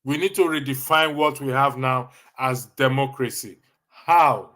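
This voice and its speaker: A Nigerian man hosts a casual live stream in a pushed, bright, mid-range voice at a measured pace. He reads out viewer comments, teasing and joking, and laughs frequently.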